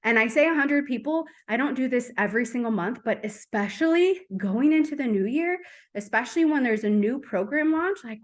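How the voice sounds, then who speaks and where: A woman giving a casual coaching talk to her team, fast and chatty with lots of fillers. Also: sits high, lively intonation.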